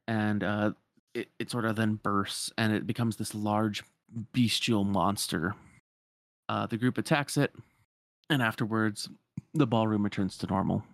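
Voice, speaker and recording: A man with a low voice casually retells a video game's plot, rambling with fillers as he goes. The recording is dry and close. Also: no echo. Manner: rambling with fillers, acts out the dialogue.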